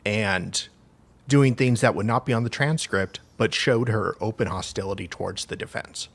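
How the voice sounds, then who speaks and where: A man's voice: lowish voice, moderate pace, creaky, fairly bright tone. A man co-hosting a live stream, reading viewer comments and adding dry remarks. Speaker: co-host. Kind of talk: casual live stream chat.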